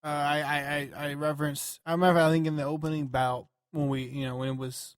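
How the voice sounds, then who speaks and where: A man co-hosting a podcast, talking in a rambling, profane and animated way. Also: on the high side, brisk, smooth, dry recording, studio quality. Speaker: podcast co-host. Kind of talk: casual chat.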